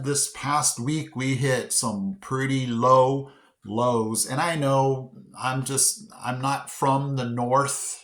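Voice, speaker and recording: An upbeat man hosts his own vlog in a relaxed, chatty way and is quick to laugh at his own mistakes. His voice sits at a middling pitch for a man. The room around him gives it a noticeable echo. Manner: upbeat, chatty, self-deprecating. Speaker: vlog host. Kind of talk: casual vlog chat. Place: indoor room. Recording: roomy echo.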